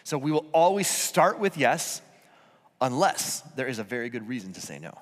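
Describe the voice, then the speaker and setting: Earnest pastor in a reverberant hall. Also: male voice, mid-range voice, sing-song, moderate pace. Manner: earnest, self-deprecating, frequent restarts. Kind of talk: conversational sermon. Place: church auditorium.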